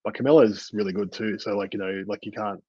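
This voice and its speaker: A man's voice: fairly low pitch, fairly even intonation, fast talker, darkish tone, slightly rough, dry recording, lo-fi sound. Rambling male podcast co-host. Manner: rambling, many fillers and restarts. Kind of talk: casual chat.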